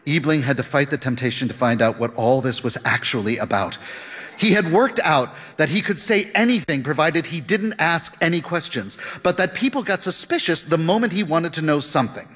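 Male audiobook narrator with a husky, animated delivery, recorded with noticeable reverb. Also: on the high side, moderate pace. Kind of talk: scripted narration of a novel.

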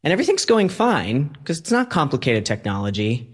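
A man telling a personal story in a conversational, halting way, acting out the quoted lines as he goes. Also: on the high side, wildly swooping pitch, breathy edge.

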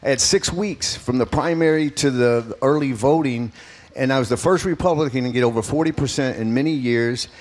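A man's voice: mid-range voice, fairly quick. A man in his fifties, a political candidate being interviewed, telling his story in an earnest, emphatic way. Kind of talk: radio interview answers.

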